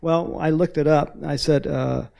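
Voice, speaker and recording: A man giving a conversational sermon about a mission trip, telling stories and slowing down to stress key words, often clearing his throat. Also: fairly high pitch, fairly even intonation, warm tone. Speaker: missionary speaker. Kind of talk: sermon with slides.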